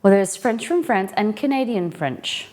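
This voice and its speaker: A woman's voice: mid-range voice, animated, moderate pace, a little mellow. A woman hosting a live cooking stream, chatting casually with viewers and greeting them by name.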